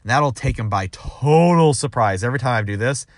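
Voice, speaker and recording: Male sales manager, casual advice talk, rambling delivery with quoted asides, mid pitch, dry recording. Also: expressive, fairly quick, dry recording. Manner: rambling with restarts, acts out quoted dialogue.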